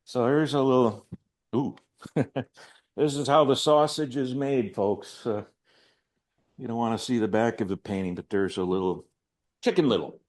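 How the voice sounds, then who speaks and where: A man's voice: medium pitch, moderate pace, long pauses, darkish tone. An older man, an artist, giving an informal, rambling talk to a gallery audience about his work, with chatty, self-deprecating asides. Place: art gallery.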